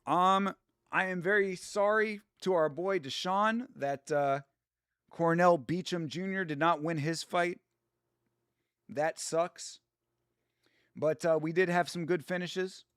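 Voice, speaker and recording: A man's voice: on the high side, slow pace, a bit bright, clear, resonant tone, no echo, studio quality. Profane, rambling young man streaming. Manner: rambling, profane, filler-heavy. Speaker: MMA live-stream host. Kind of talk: casual live-stream commentary.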